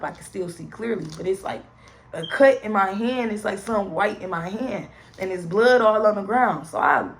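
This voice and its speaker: A young woman with a creaky, gravelly edge tells a personal story, talking straight to her viewers and swearing freely. She stays in a middle pitch and keeps an animated storytelling delivery. Faint noise sits under the voice. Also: rough recording. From St. Louis area, USA. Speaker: vlogger. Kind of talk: storytime vlog.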